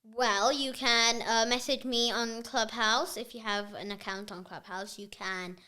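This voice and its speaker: A woman's voice: a little high, steady tone, measured pace, pushed and bright, clear, resonant tone. A young girl being interviewed about her podcast, talking earnestly with many fillers. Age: child. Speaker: podcast guest. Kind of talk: casual interview chat.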